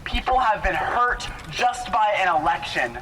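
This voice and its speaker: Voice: mid-range voice, lively intonation, measured pace, noisy background. A speaker giving an emphatic protest speech to a rally crowd. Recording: distant voice with loud music behind.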